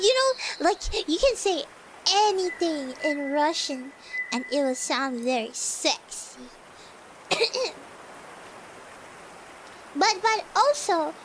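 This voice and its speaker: A woman's voice: very high voice, a bit bright, poor audio. A woman streaming casually, rambling playfully with lots of "you know" and "like", coughing often between phrases. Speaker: virtual streamer. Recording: clear background noise.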